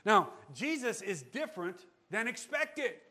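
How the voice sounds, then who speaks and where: A male pastor preaching a sermon, animated, asking the congregation rhetorical questions. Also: sits high, unhurried.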